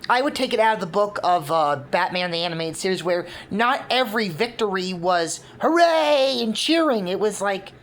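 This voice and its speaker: A woman's voice: mid-range voice, lively intonation, moderate pace, few pauses. A woman casually laying out her fan concept for a cartoon, rambling with many fillers. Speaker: fan video creator.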